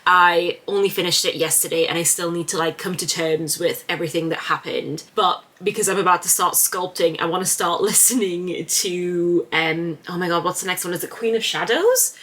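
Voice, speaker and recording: A woman chatting casually in a reading vlog, gushing with animated reactions. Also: fairly low pitch, normal speed, hardly any pauses. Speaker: book vlogger.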